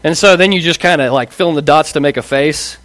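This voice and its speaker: A man in his thirties gives a sermon in a loose, chatty way. His voice sits high for a man, and the sound is dry and close. He keeps asking the room questions and slips into little acted-out voices. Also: fast, fairly bright tone, no room sound. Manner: casual, asks rhetorical questions, acts out quoted voices. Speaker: pastor. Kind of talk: conversational sermon.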